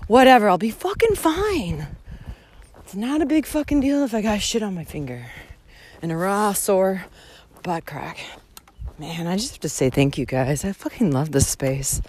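A woman's voice: medium pitch, normal speed. A young woman talking into her phone while hiking outdoors, blunt and foul-mouthed, out of breath from climbing. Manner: blunt, heavy swearing, animated rants. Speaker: vlogger hiking the Camino. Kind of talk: casual walking vlog monologue. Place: outdoors on a rural trail. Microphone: phone held while walking.

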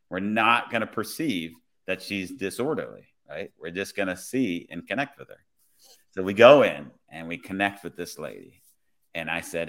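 A man, a police officer, telling a work story in a relaxed, conversational way. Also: low voice. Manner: relaxed, conversational, many "I was like" retellings. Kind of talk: casual storytelling.

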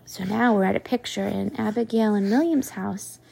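A woman in her thirties reading a storybook aloud to her children, expressive and stopping to ask them questions. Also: medium pitch, normal speed, vocal fry, slight background noise. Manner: expressive, asks the kids questions.

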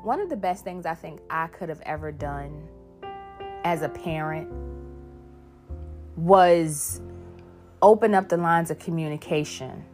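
A woman with a deep, slightly mellow voice gives a frank, profane talk to camera as a mother addressing viewers. She repeats herself emphatically, and faint music is audible in the background.

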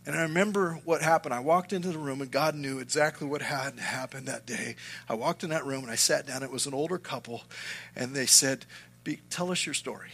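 A middle-aged man preaching a sermon and telling a personal story, earnest and moving between loud and hushed. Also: medium pitch, a little fast, creaky, breathy edge. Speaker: pastor.

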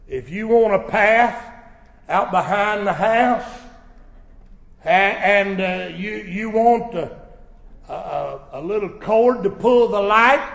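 Preacher guy, high voice, slow and drawn out, big reverby church. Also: creaky. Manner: preaching with swells into shouted emphasis. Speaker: pastor. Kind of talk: sermon. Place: church sanctuary. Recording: echoey church hall.

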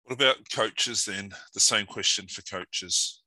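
A man's voice: fairly low pitch, a little slow, pushed and bright, no room sound, rough recording. A man, hosting an interview and telling a funny story in a chatty way. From New Zealand. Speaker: interviewer, host. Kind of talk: casual interview chat and anecdote.

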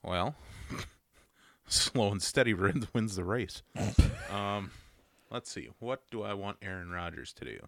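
A man's voice: on the low side, animated, slow pace, creaky, long pauses, fairly bright tone, no room sound, clean studio sound. A man with an Upper Midwest accent, co-hosting a casual podcast, joking and teasing with frequent laughs. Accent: Upper Midwest American. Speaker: podcast co-host. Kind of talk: casual chat.

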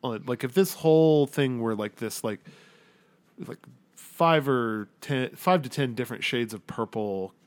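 A man's voice: mid-range voice, measured pace. A man narrating a tabletop game as game master, describing scenes in a loose, rambling way full of fillers.

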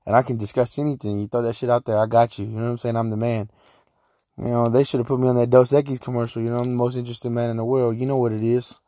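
A man's voice: medium pitch, little pitch movement, rapid-fire, mellow, no echo, clean studio sound. A young man from Texas, hosting a casual solo podcast, rambling and joking with lots of slang and swearing. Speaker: podcast host.

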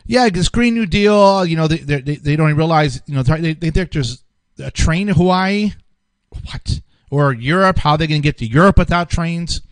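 A man's voice: fairly high pitch, moderate pace, no room sound, lightly acted. A man doing a rambling, boastful politician. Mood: mocking. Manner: loose, repetitive, conversational.

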